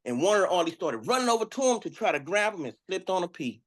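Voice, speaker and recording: A man's voice: sits high, big pitch swings, fast. A man improvising a story in a rambling way, often asking if the listener follows. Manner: rambling, keeps adding "you know what I'm saying".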